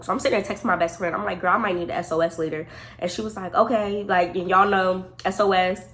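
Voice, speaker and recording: Young woman, vlogger, casual storytime, animated, profane, talks straight to viewers. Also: medium pitch, a little fast.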